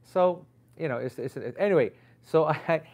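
A man telling a rambling story in casual chat, lively and full of slang as he teaches and recalls his classes. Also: fairly high pitch, moderate pace. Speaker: Islamic teacher. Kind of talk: casual anecdote.

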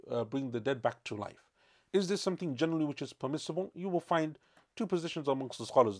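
Male religious teacher, gravelly voice, measured lecture with frequent restarts. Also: medium pitch, darkish tone. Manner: measured explaining with frequent self-corrections. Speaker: Islamic studies teacher.

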